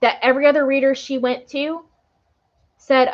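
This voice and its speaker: A woman with a slightly high voice talks to her live-stream viewers as a tarot reader. She speaks earnestly and with feeling, often checking in with a quick "right?". The stream audio is dull and lo-fi. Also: fairly even intonation. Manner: earnest and emotional, tag questions like "right?".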